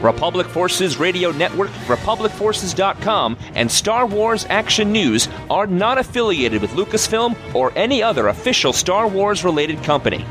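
High, lively male podcast announcer over music. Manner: brisk and promotional. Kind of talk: scripted podcast credits and disclaimer. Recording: music playing under the voice.

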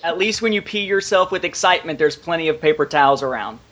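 A man's voice: fairly high pitch, animated, fast, a bit bright. A man co-hosting a casual podcast chat in a dry, matter-of-fact way. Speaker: podcast co-host.

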